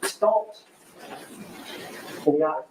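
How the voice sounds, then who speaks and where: A middle-aged man acting as defense attorney and giving a closing argument in a courtroom. He speaks conversationally and repeats key phrases for emphasis. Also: extremely slow. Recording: echoey courtroom audio with background noise.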